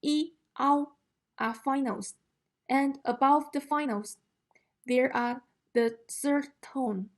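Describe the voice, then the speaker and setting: Slow-spoken high-voiced woman teacher. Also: darkish tone. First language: Chinese. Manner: slow, careful explanation, demonstrating tones aloud. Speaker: Chinese language teacher. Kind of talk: language lesson.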